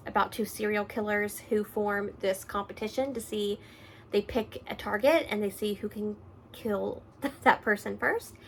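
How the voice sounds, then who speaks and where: A woman hosting a casual book vlog from a room at home, animated and quick to laugh, swinging between loud remarks and soft asides. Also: mid-range voice, a little hiss or hum. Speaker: book reviewer host. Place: room at home with her books behind her.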